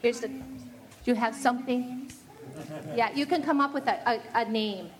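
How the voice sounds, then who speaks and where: A woman's voice: on the high side, moderate pace, a crowd in the background. A middle-aged woman giving a family ministry talk, earnestly acting out what parents and kids say.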